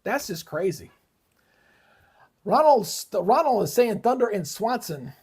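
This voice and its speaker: A man's voice: high voice, sing-song, a little slow, darkish tone, slightly rough. A middle-aged man hosting a live weather stream, heated and ranting, swearing often in casual commentary. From Georgia, USA. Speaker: weather livestream host.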